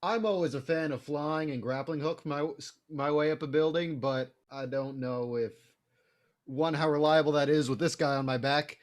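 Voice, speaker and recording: A man's voice: a little high, normal speed. A man playing a tabletop game, joking and hesitant as he weighs his options. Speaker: player.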